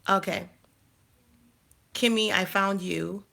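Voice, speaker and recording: A woman's voice: mid-range voice, steady tone, takes it slowly, creaky, bright, forceful tone. A woman hosting a casual live stream, chatting and thinking aloud while she fumbles through her channel settings. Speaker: life coach and channel host.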